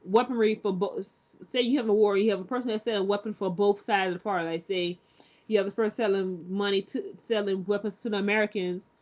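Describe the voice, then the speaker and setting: A woman's voice: medium pitch, fairly even intonation, quick pace, a little mellow, muffled recording. A woman giving a casual, rambling recap of a TV episode, full of fillers and restarts, now and then acting out the characters' lines. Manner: chatty and candid, acts out characters' lines. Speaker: TV show recap reviewer.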